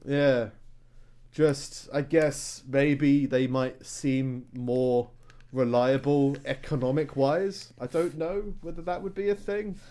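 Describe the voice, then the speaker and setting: A young man in casual chat, joking and swearing, breaking into high laughing exclamations. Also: fairly even intonation, slow, warm tone. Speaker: co-host.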